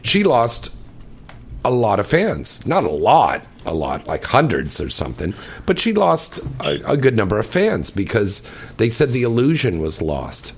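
A man's voice: mid-range voice, wildly swooping pitch, measured pace, vocal fry, slightly rough. A man hosting an adult radio show, teasing and flirtatious in casual interview talk.

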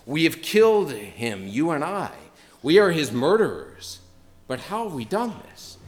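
A man's voice: fairly high pitch, big pitch swings, measured pace, voice pushed up. A man playing a frantic, anguished madman. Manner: declaiming, impassioned, raised voice. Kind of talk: dramatic reading within a sermon.

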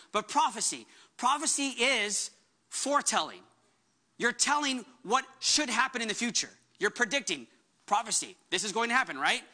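A woman's voice: on the high side, pushed and bright. A woman pastor delivering a sermon with emphatic preaching, acting out the words she quotes.

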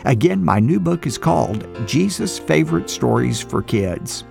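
A man's voice: a little high, big pitch swings, creaky, a little mellow. A man delivering an earnest scripted closing appeal as a radio program host at a studio mic. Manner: earnest, measured. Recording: music bed with guitar.

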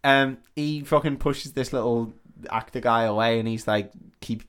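A man's voice: medium pitch, normal speed, fairly bright tone, smooth. A man casually retelling a film plot on a podcast, sweary and rambling, acting out the characters' lines as he goes. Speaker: podcast co-host. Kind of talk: casual film recap chat.

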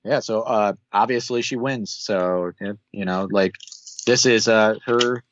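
A man co-hosting a podcast, recapping a TV episode in a rambling way with many filler pauses over a video call. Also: lowish voice, no room sound. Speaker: podcast co-host. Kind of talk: casual chat recapping a TV episode. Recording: dull dry call audio.

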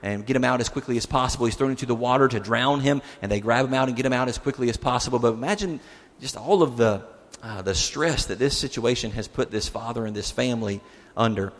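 A man's voice: medium pitch, fast talker. A male pastor giving a conversational sermon, putting rhetorical questions to his listeners. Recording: long hall reverb.

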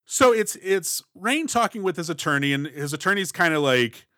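A man's voice: mid-range voice, lively intonation, moderate pace, hardly any pauses, pushed and bright, dry recording, clean studio sound. A man co-hosting a movie podcast, making mocking jokes about a film's plot in casual chat. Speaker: podcast co-host.

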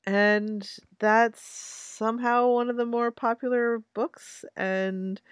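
A woman's voice: fairly high pitch, steady tone, slow, smooth, no room sound, clean studio sound. A woman co-hosting a casual discussion podcast, thoughtful and wry, often agreeing with short fillers.

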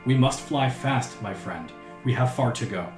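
A man's voice: medium pitch, animated, moderate pace, natural voice. Man reading a solemn, resolute grieving woman. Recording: roomy with background music.

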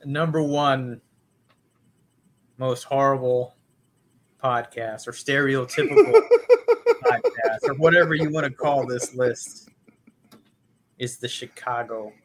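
A man's voice: medium pitch, big pitch swings, takes it slowly, long pauses. A man co-hosting a podcast, joking in casual comedic chat and laughing along. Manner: joking, hesitant with fillers, laughs. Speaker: podcast co-host.

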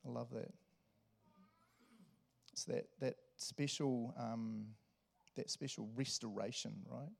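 A man's voice: medium pitch, slow pace, creaky, long pauses. A pastor preaches with lots of energy. He often breaks into chuckles and plays out the scenes he's describing. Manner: animated, laughs often, acts out quotes. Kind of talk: sermon.

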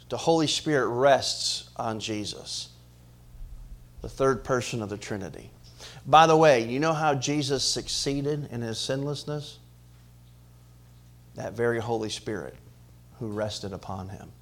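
A man preaching a sermon to his congregation, swinging between loud emphatic rises and quiet drops, often asking the church questions. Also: mid-range voice, measured pace, pauses often. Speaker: pastor.

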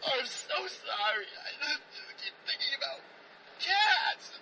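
A high, slow, stumbling voice of a cat-obsessed young woman, put on by a man, full of halting stops and teary laughter. It comes from a loud, noisy clip played back far from the mic. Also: big pitch swings, full character voice. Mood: sobbing. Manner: rambling, halting, breaks into sobbing laughter. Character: overemotional young woman who adores cats.

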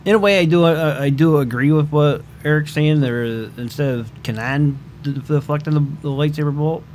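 A man on a podcast panel talks haltingly, restarting his sentences as he goes. His pitch sits slightly high. Faint background noise sits under the recording. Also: darkish tone. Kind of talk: casual fan discussion.

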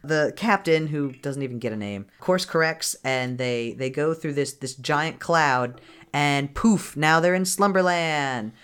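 A woman's voice: low-pitched, a little slow, clear, resonant tone. A woman co-hosting a podcast, casually retelling a movie plot with laughs and swearing. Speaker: podcast co-host. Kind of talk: casual chat recapping a movie.

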